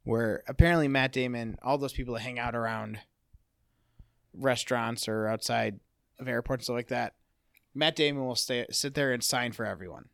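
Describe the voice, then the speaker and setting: Gravelly man in relaxed chat. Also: medium pitch, moderate pace, no echo. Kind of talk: casual chat.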